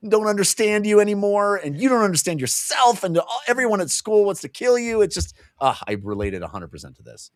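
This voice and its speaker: A man's voice: high-pitched, a little fast, few pauses, no room sound. A man co-hosting a casual book discussion, recapping the story and acting out the characters' lines, laughing often. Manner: animated, acts out characters' lines while recapping; laughs often while telling. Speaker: podcast co-host.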